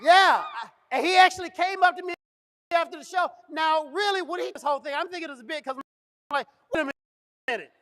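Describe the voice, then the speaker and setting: A man's voice: very high voice, fairly quick, some chatter behind. A middle-aged male comedian telling a funny story on stage, acting out both sides of the conversation. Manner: animated, acts out dialogue. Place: event stage.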